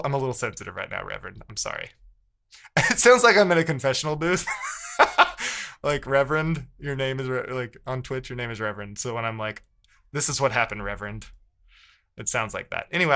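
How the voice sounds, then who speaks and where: A man's voice: mid-range voice, sharp tone. A man rambling in casual livestream chat with his viewers, frustrated and often correcting himself.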